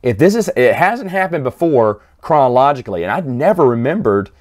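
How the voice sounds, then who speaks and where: A man's voice: mid-range voice, sing-song, darkish tone. Chatty man reviewing comics. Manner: chatty, rambling, frequent restarts and quick acted quotes. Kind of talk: casual solo review.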